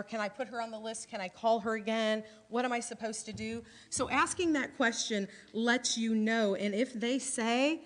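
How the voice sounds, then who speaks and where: A middle-aged woman from Illinois giving a lively, chatty training talk to her sales team, acting out bits of dialogue. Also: a little high, fairly quick, hardly any pauses.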